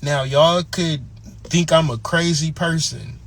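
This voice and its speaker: Host, male, husky and fairly high-pitched, profane blunt rant. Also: slow. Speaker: channel host. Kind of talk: ranting monologue.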